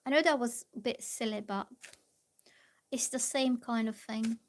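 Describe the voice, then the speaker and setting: A woman's voice: a little high, a little slow. A woman giving live-stream tarot readings, chatty and reassuring, rambling with many fillers. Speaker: tarot reader.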